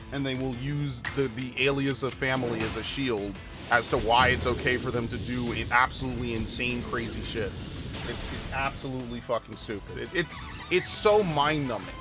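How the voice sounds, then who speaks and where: A man's voice: medium pitch, fairly even intonation, normal speed. Blunt profane man ranting over game music. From New York. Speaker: gaming channel host. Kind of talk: casual live-stream rant during gameplay.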